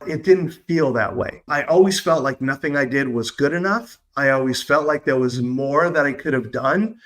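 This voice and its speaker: A man hosting his own podcast, talking through his experience in an earnest, upbeat, confiding way and slowing down on his key points. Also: a little high, a bit bright. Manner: earnest, upbeat, confiding, with slow emphatic stretches. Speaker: podcast host. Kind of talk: reflective solo podcast talk.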